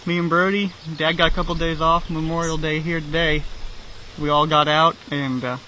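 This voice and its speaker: A man's voice: a little high, little pitch movement, normal speed, sharp tone. Easygoing young man recapping a hunt. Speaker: hunter, son. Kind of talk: casual outdoor recounting. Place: outdoors in rural fields. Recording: dull outdoor audio, faint field noise. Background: crickets and insects.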